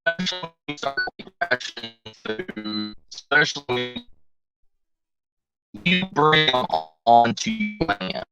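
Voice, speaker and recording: Loud music plays under a middle-aged man's slightly high, expressive voice as he slowly rambles through casual livestream chat, reading viewer names and thinking aloud. He's streaming from a phone on a weak connection, so the audio is muffled and lo-fi from bad cell signal.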